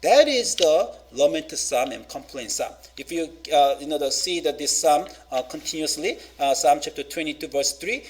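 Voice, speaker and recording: High-voiced man preaching a sermon. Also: animated. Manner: halting, many fillers, rising emphatic quoting. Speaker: pastor.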